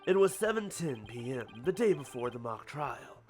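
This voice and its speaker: A man voicing a stern, menacing male prosecutor, speaking in a slow, grave manner. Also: medium pitch, very animated, a little mellow, soft background music, natural voice.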